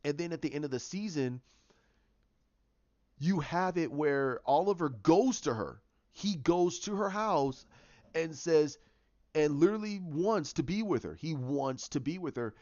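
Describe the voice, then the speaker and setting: A man's voice: a little high, expressive, unhurried, a little mellow, dry recording. Man, fan commentary, rambling delivery, dry muffled home recording. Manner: rambling, many restarts and fillers. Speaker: fan show host. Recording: dull, lo-fi sound.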